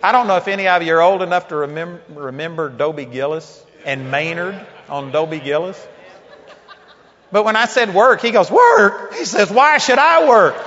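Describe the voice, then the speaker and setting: Animated preacher man, bright voice, hall echo. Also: fairly high pitch, normal speed. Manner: animated storyteller, acts out quotes, laughs often. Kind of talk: sermon storytelling. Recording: dull lo-fi recording in a big hall.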